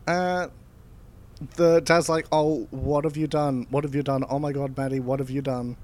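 A man casually retelling a film's plot on a podcast, relaxed and loose, with fillers. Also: medium pitch, normal speed. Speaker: podcast co-host recapping a film. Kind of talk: casual chat.

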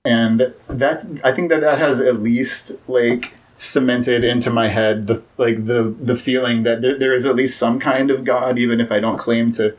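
A man's voice: mid-range voice, steady tone, normal speed, hardly any pauses, low-quality recording. A young man as a podcast guest, talking casually with many fillers and restarts.

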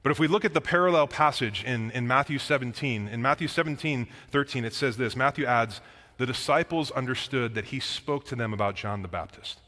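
A man's voice: mid-range voice, bright, forceful tone. Man preaching in a reverberant hall. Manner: conversational preaching, reading scripture aloud. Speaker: pastor. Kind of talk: sermon.

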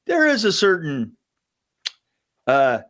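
A man's voice: on the high side, huge pitch swings, slow pace, a bit bright. A middle-aged man telling a story as a podcast guest, rambling, stumbling over restarts and laughing at himself. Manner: rambling, stammering restarts, self-mocking laughter. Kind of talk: casual storytelling chat.

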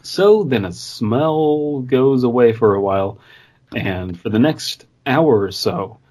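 A man's voice: medium pitch, darkish tone, slightly rough. A man on a podcast reading a horror story aloud and making wry remarks. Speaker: podcast co-host.

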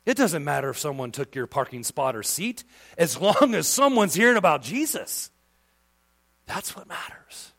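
A male pastor preaching a sermon with passion, dropping to a hush and then rising to loud emphasis. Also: on the high side, big pitch swings, moderate pace, vocal fry. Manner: impassioned, swings from hushed to loud emphasis.

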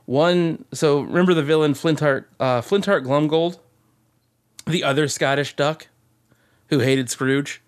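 Fairly high in pitch, a little slow and clean in tone, a male podcast co-host chats casually, telling rambling stories packed with swearing and laughs.

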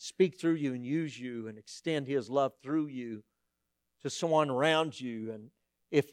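A middle-aged man, preaching a sermon as a pastor and telling stories in an animated, humorous way. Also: medium pitch, a little slow, clear, resonant tone, no echo, clean studio sound.

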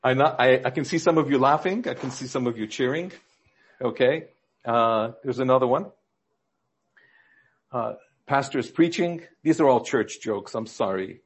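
A man at the pulpit tells church jokes as part of his sermon, with a husky, slightly rough voice. He sits at a medium pitch and jumps higher whenever he voices the people in his stories. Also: expressive, normal speed, pauses often. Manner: storytelling, acting out quoted characters with lifts in pitch. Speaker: pastor.

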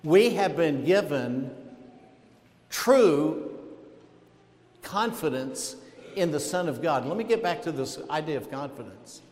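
A man preaching a sermon as pastor, emphatic, with dramatic pauses and sudden outbursts. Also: fairly high pitch, lively intonation, darkish tone. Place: church sanctuary. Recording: echoey hall with long reverb.

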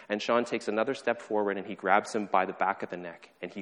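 A man preaching a sermon, telling a story earnestly and falling to a soft hush when he quotes the characters. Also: lowish voice, steady tone, fast talker, few pauses. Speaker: pastor. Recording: long hall reverb.

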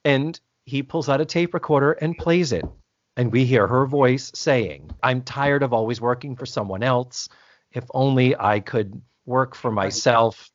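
A man's voice: mid-range voice, measured pace, dry recording. A man co-hosting a podcast, chatting casually as he recaps a TV episode, acting out the characters' lines and swearing freely. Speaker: podcast co-host. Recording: dull lo-fi dry sound.

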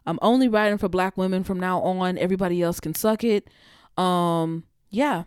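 A woman's voice: lowish voice, moderate pace, a little mellow, smooth, dry recording, studio quality. Blunt, profane woman ranting on a podcast. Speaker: podcast host. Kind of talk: freestyle monologue.

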